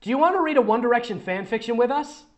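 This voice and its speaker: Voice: medium pitch, animated, quick pace. A comedic fanfic reader whose voice swings up and down as they mock the story. They keep laughing and break off for sarcastic side comments. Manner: sarcastic asides, frequent laughter. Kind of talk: mocking comedic fanfic reading.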